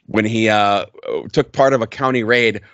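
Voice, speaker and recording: A man's voice: lowish voice, fairly even intonation, moderate pace, a bit bright, dry recording, highs cut off. A man co-hosting a podcast in casual chat, blunt, profane and mocking as he reviews an album. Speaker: podcast co-host.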